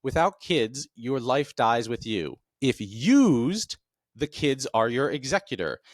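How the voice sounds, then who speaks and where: Guy hosting his show, breaks stuff down slow and plain, voice jumps around a lot. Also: dry recording, clean studio sound. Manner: plain, deliberate explaining with lively pitch swings. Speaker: podcast host. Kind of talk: explanatory monologue.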